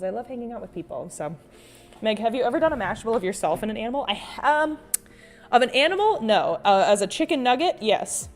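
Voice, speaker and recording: A woman hosting a casual art livestream. She rambles with many fillers and restarts, reads viewer chat aloud, and calls people "sweet bean" and "honey.". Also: mid-range voice. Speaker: artist and livestream host.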